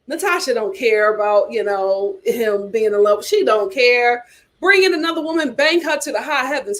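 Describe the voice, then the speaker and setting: A sassy woman hosts a casual reality TV commentary livestream. Her high voice swings widely up and down as she reacts and reads viewer chats. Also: lively intonation, normal speed, a bit bright.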